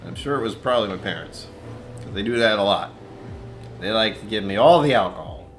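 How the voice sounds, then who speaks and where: A man's voice: on the low side, lively intonation, a little fast, slight background noise. A man hosting a casual whiskey-tasting livestream from his apartment, rambling, talking to himself and chuckling often.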